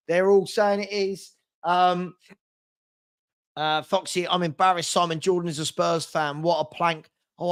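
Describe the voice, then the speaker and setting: A chatty man with a slightly high voice hosts a live football stream. He reads viewer comments aloud and answers them in a rambling way. He often restarts and repeats words mid-sentence. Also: a bit bright.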